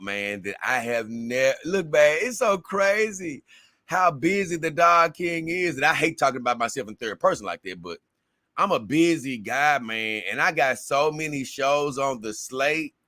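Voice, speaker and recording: A man's voice: mid-range voice, sharp tone, dry recording, clean studio sound. A man hosting a casual livestream, reading viewer comments aloud and rambling to his audience in a slangy, talkative way.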